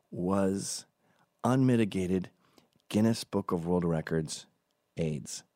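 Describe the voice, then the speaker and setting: A man's voice: on the low side, a little mellow, no room sound, studio quality. A man, telling rambling, sardonic stories in a casual comedic monologue. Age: 40s. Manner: rambling, sardonic storytelling with voiced asides. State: recovering from strep throat.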